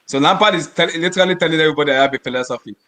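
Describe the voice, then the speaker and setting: A man co-hosting a football podcast, arguing his points passionately, repeating words and shouting in bursts. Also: on the high side, racing. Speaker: podcast co-host. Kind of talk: heated casual football chat.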